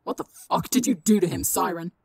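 A hotheaded teenage boy vigilante, as a woman puts him on, barking and snarling his words with raised force. The delivery is a bit higher and louder than the reader's usual tone. It sounds dry and close, like an audiobook booth. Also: brisk, no room sound, natural voice. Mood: angry. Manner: snarling, shouting accusations.

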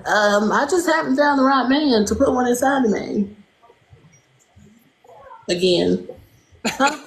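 A woman's voice: fairly high pitch, slow, poor audio. Sassy teasing woman streamer. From Louisiana. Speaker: live stream host. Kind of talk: joking live video chat.

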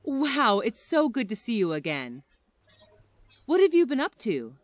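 A woman slowly reading everyday English phrases one at a time for learners, with a deliberate teaching delivery. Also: fairly high pitch, huge pitch swings, dry recording.

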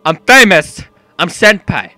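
Young male gamer, horror let's-play, foul-mouthed, jumpy, bright tense voice, fairly high pitch, faint game music. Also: sing-song, unhurried, no room sound. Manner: jumpy, profane, yelps and shouts when startled. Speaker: gaming YouTuber. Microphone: gaming mic with headphones.

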